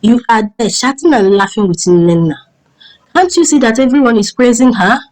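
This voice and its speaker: A woman voicing a jealous, scheming mother who yells and barks orders in a storybook tale. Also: fairly high pitch, animated, normal speed, pitched above the performer's own voice, lightly acted, low-quality recording. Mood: scolding. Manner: yelling, barking orders.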